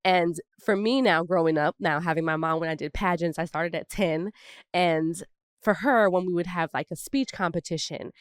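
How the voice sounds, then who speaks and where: A woman's voice: lowish voice, moderate pace, smooth, no room sound, clean studio sound. A woman from Brooklyn, co-hosting a podcast and telling personal stories in casual conversation. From Brooklyn, New York. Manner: reflective storytelling with asides. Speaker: podcast co-host.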